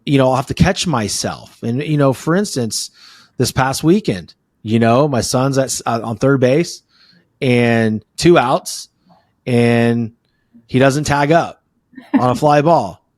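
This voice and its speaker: A middle-aged man hosting a podcast interview, telling stories in quick animated bursts. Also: medium pitch, no echo, clean studio sound. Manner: animated storyteller, talks fast in bursts. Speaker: podcast host. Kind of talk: casual conversational interview.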